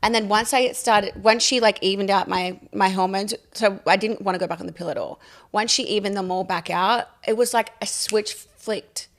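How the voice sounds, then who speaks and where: A woman in her thirties, a podcast guest telling her story in animated casual chat, often quoting herself. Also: mid-range voice, normal speed. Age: 30s.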